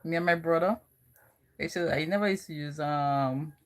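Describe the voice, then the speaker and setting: A woman's voice: low voice, moderate pace. A young woman from the Virgin Islands with a Virgin Islands accent, chatting casually and rambling with lots of "you know". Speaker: vlogger. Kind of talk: casual chat.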